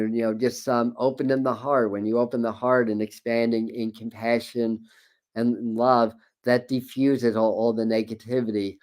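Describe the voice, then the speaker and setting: A man of medium pitch hosts a spiritual tarot talk. He rambles casually, repeating words and circling back with fillers as he thinks aloud. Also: a little mellow. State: a bit foggy this morning. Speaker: tarot reader and spiritual host.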